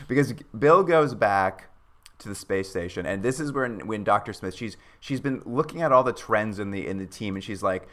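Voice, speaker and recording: Male podcast co-host, low-ish bright voice, animated recap storyteller. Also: moderate pace. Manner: animated storyteller, acts out characters' lines. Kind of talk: casual chat recapping a TV show.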